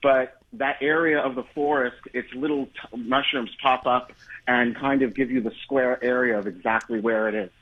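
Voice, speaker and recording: Male caller, husky, over a tinny phone line. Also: medium pitch, steady tone, normal speed. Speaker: radio caller. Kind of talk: explaining a fact on a phone call.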